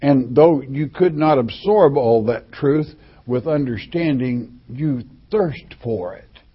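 Slow, husky-voiced male preacher. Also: medium pitch, lively intonation. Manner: reads verses aloud, then explains them with frequent restarts and fillers. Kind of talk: sermon reading and explaining scripture. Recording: dull lo-fi recording.

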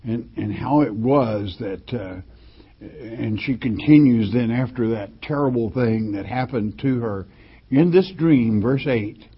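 A man preaching with a slightly husky voice at an unhurried pace. He reads verses aloud, then breaks them down with restarts and fillers. The recording sounds dull and lo-fi. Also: mid-range voice. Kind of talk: sermon reading and explaining scripture.

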